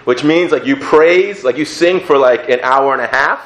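A young man giving a personal testimony, telling his story in an animated, laughing way that falls to a hushed voice for remembered prayers. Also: mid-range voice, normal speed, echoey room.

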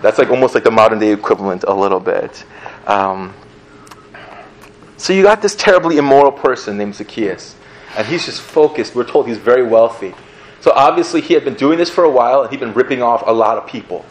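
A man preaching a sermon in a casual, animated storytelling manner, often laughing as he talks. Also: mid-range voice, a little fast, slight background noise. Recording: roomy echo, faint ambience.

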